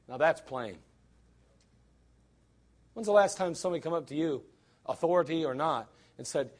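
A man's voice: on the high side, lively intonation, moderate pace, pauses often. A man preaching a sermon in a blunt, emphatic way, full of rhetorical questions.

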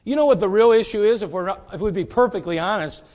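A man preaching a sermon in a folksy, direct way, swinging between loud emphasis and quiet asides. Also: high voice, fast, lo-fi sound.

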